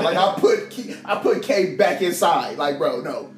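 A young man from Ohio co-hosting a podcast, telling stories in a loud, profane, animated way and laughing often. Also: fairly high pitch, fairly quick, few pauses. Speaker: podcast co-host. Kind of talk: casual chat. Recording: echoey room with music behind.

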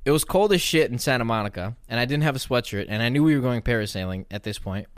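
A man co-hosting a casual chat, telling animated stories and swearing freely. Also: medium pitch, fast, no echo, clean studio sound. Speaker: podcast co-host.

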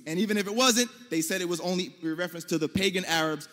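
An American man with a high voice argues his case in a debate, emphatic and forceful, sometimes rising to near-shouts. His voice carries a long reverb from a large hall. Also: fast, few pauses, faint music behind. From United States. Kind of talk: debate speech.

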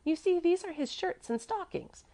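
Earnest, fretful old housekeeper type, emphatic, with lively pitch swings, read by a woman. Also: normal speed. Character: fussy, devoted older woman servant.

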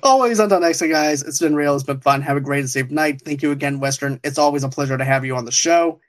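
A man's voice: a little high, fast talker. Rambling, laughing male podcast host. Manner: rambling, laughing often, restarts sentences. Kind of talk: casual chat reviewing a TV show.

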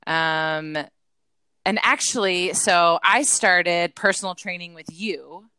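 A woman co-hosting a casual fitness podcast, her voice bright and forceful with a smooth, crisp tone. She tells her story earnestly, slipping into quoted lines of her past self. The sound is dry and close, with no room around it. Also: lowish voice, takes it slowly, dry recording. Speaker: podcast co-host, fitness coach.

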